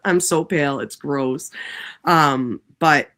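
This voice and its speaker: A man's voice: a little high, slow pace, bright, forceful tone. Profane rambling livestream host man. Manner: rambling and heavily profane, many fillers. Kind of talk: casual livestream monologue.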